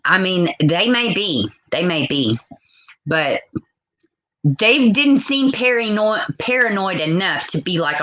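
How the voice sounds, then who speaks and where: A woman's voice: deep voice, a bit bright, rough recording. A woman in her forties hosting a live call-in stream, blunt and outspoken as she reads viewer comments aloud. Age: 40s. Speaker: livestream host.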